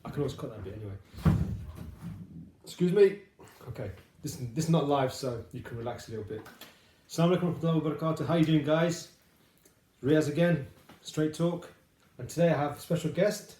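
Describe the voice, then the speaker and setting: A man's voice: on the high side, quick pace, mellow. A man hosting a casual interview, chatty and joking with his guest. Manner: chatty, joking, laughs often. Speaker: host. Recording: echoey room.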